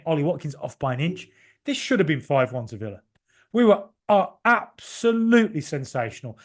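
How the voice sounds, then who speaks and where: Podcast host, man in his forties, passionate and rambling, jumping from loud outbursts to mutters. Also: fairly high pitch. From Ireland. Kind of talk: excited solo match reaction.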